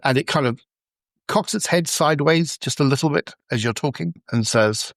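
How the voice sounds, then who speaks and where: A man's voice: fairly high pitch, normal speed, fairly bright tone, dry recording, studio quality. A man running a tabletop game, narrating the scene in a loose, improvised way full of "sort of" and "like". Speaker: game master.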